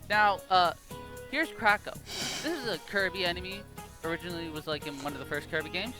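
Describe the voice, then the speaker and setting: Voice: medium pitch, brisk. A teenage student narrating a class video project, ranking things with mock confidence and a formal sign-off. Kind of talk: tongue-in-cheek ranking commentary for a class video. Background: background music.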